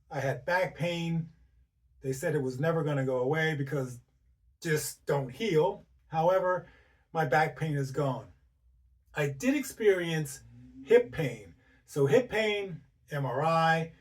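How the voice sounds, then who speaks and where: A man's voice: on the high side, animated, unhurried, far from the mic. A man hosting an informal health talk, conversational and full of rhetorical questions and "right?" tags. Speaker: host.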